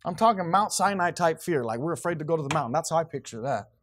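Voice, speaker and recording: A male pastor preaching a sermon, switching between quiet asides and loud, emphatic passages. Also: fairly high pitch, lively intonation, fast talker, a little hiss or hum.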